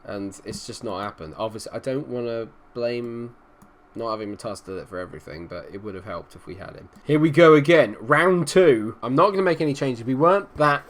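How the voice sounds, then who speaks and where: A man's voice: medium pitch, expressive, fairly quick. Young man muttering over a match. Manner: frustrated, swings from muttering to shouting. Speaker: gaming commentator. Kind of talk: casual gameplay commentary.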